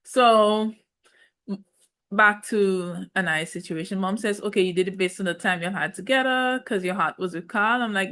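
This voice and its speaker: A woman's voice: mid-range voice, normal speed, pushed and bright. A woman in a casual, sassy reality TV recap, with speech and playful, opinionated asides. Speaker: reality show recap host.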